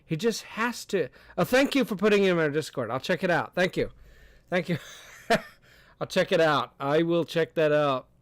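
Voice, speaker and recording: Young guy streaming, kinda high voice, dry close sound, rambles n laughs a lot, swears. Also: lively intonation, normal speed, dry recording. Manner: rambling, laughs often, profane, reacts to chat. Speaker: streamer host. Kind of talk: casual livestream chat.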